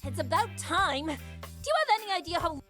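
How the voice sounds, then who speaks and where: A woman's voice: very high-pitched, lively intonation, moderate pace. A woman voicing an indignant, prim young woman in a video game, clipped and accusatory. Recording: game audio with music behind.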